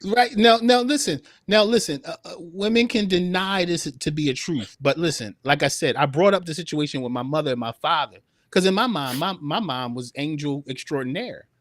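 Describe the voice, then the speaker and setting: A man co-hosting a live talk about relationships, asking questions in an animated way with frequent restarts. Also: a little high, moderate pace, few pauses, no room sound, clean studio sound. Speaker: co-host.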